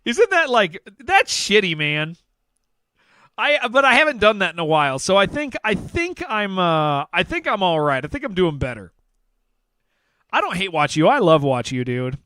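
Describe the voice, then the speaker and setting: A man streaming games and chatting casually with viewers, excitable and rambling, saying "man" and "dude" all the time. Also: high voice, normal speed, no room sound. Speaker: game streamer. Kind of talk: casual livestream chat with viewers.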